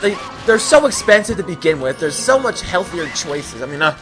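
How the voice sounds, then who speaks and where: A man's voice: high-pitched, very animated, moderate pace, fairly bright tone, soft background music. A young man from the US East Coast, hosting a let's play with rambling, jokey, easily sidetracked game commentary.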